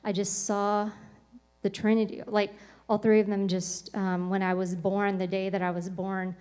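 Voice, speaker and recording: A woman talks casually on a podcast, with a voice of ordinary middle pitch. She tells a personal story in a loose, rambling way and fills her speech with "like" and "um". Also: level tone, moderate pace, a little mellow, clean tone. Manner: rambling, full of "like" and "um" fillers. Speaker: podcast speaker.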